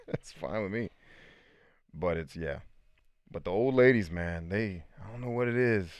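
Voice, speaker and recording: A man's voice: fairly low pitch, huge pitch swings, a little slow, no echo. A man in his thirties hosting a casual live stream, telling stories and reading viewer comments aloud. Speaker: host.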